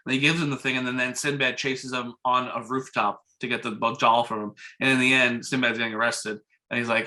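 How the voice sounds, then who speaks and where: A man's voice: mid-range voice, brisk. A young man, co-host of a casual podcast chat, retelling a movie plot animatedly and acting out the lines. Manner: animated retelling with voiced impressions.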